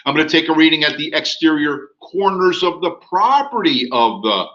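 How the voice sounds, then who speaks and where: A man quoting a relaxed utility inspector. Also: on the high side, moderate pace, highs cut off. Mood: explaining. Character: friendly, explaining male utility inspector.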